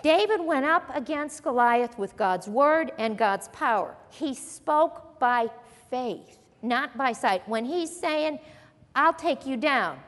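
Woman preacher, high voice, lively sermon, acts out quotes, long hall reverb. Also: takes it slowly.

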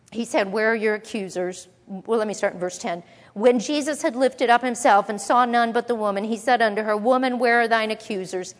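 A woman teaching a conversational Bible lesson, reading verses and explaining them with relaxed, playful asides. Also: fairly high pitch. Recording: long reverb of a large hall.

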